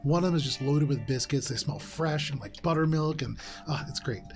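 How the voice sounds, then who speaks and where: A man narrating a tabletop game as game master, describing scenes in a relaxed, descriptive way with frequent fillers. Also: on the high side, fairly quick, soft background music.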